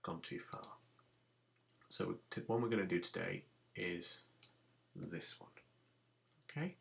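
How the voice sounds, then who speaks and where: A primary school teacher with a low, gravelly voice takes it slowly in a recorded phonics lesson for young children. He patiently sounds out letters and gives simple instructions.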